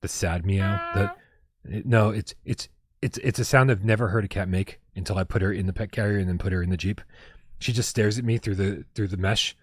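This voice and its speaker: A man co-hosting a casual livestream chat, talking with excitable energy and swearing freely. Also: on the low side, a little fast, husky, no echo, studio quality. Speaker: podcast co-host.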